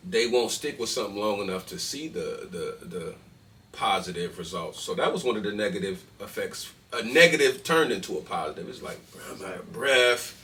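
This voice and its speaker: A man with a low, bright and forceful voice talks casually on a podcast, slangy and full of restarts. He sits a little back from the mic, with faint noise in the background. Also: animated, a little fast, distant mic. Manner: loose, slangy talk with many restarts. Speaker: podcast host. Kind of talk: casual chat.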